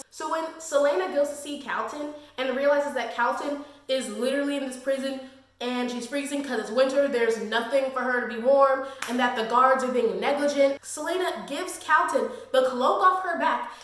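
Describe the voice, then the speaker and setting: A woman's voice: high voice, normal speed, a bit bright, slight background noise. Gushing woman in an echoey room. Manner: gushing, slangy, fangirling. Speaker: book reviewer. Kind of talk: casual book review vlog.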